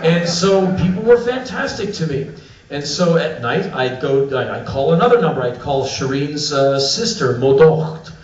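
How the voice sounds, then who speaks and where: A man telling profane, animated stories at a live spoken-word show, recorded from a distance in an echoey, dull-sounding venue. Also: on the high side, normal speed. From United States. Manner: animated, profane, acts out quotes. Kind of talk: live comic storytelling.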